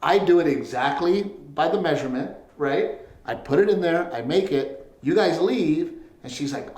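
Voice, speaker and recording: A man's voice: on the high side, lively intonation, normal speed, a little mellow, roomy sound. A man co-hosting a podcast in a casual chat, telling stories with lots of laughter and swearing. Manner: laughing, swearing storyteller, quotes his wife. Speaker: podcast co-host. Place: home studio.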